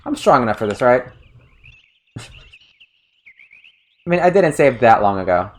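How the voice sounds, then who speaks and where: A man's voice: mid-range voice, sing-song, unhurried, pauses often. A man giving casual commentary while playing a video game, chatty and often restarting his sentences as he thinks aloud. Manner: chatty, self-correcting, mixes in translation remarks. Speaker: game streamer. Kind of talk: let's-play commentary.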